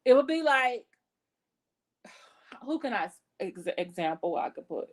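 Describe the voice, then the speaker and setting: A woman with a somewhat high voice hosts a casual gossip commentary. She talks bluntly and curses freely. She rambles with fillers and restarts as she works through her points. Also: sing-song, measured pace. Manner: blunt and profane, talks with her hands in her words; chatty, with many fillers and self-corrections. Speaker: commentary channel host.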